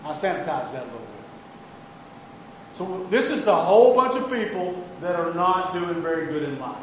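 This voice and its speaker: A man's voice: high voice, animated, normal speed, slight background noise. A man pastor preaching a sermon in an earnest, emphatic manner, often restarting his phrases.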